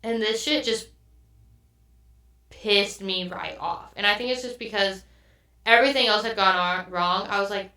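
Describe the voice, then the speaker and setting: A woman's voice: on the high side, moderate pace, pushed and bright. Exasperated swearing woman podcaster. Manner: exasperated, swears a lot, quotes others mid-story. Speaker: podcast host. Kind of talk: casual storytelling rant. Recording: echoey room, mic at a distance.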